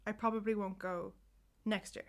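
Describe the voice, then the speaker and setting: A woman co-hosting a podcast in a loose, rambling chat, with many "like"s and "um"s. Her voice has plenty of vocal fry and a gravelly edge, at a middle pitch. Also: level tone, normal speed. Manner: rambling, full of "like" and "um". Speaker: podcast co-host. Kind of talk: casual chat.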